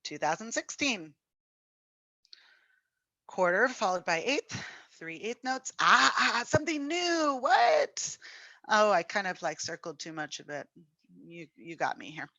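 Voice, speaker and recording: Bright-voiced woman teaching music. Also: mid-range voice, very animated, measured pace, long pauses, no room sound. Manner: counts aloud and sings rhythms on "da"; chatty, encouraging, thinks aloud. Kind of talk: online lesson.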